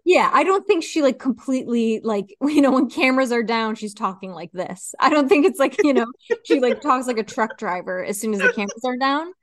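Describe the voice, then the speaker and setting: A chatty woman co-hosting a podcast, rambling loosely with lots of fillers and easy laughter. Her voice sits at a middling pitch. The sound is close and dry. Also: animated, brisk, no room sound. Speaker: podcast co-host. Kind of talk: casual chat.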